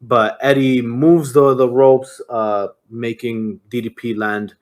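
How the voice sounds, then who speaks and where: A man's voice: mid-range voice, fairly even intonation, slow pace. A young man chatting casually on a podcast, giving a rambling play-by-play recap full of fillers and swearing. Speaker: podcast co-host. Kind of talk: casual chat recapping a wrestling match.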